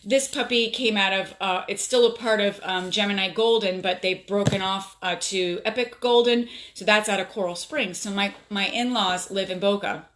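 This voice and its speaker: A woman's voice: mid-range voice, normal speed, few pauses, fairly bright tone, a little hiss or hum. A woman from South Florida chatting on a home live stream from her phone, telling a story with lots of fillers and emotion. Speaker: livestream host. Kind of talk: casual live stream chat.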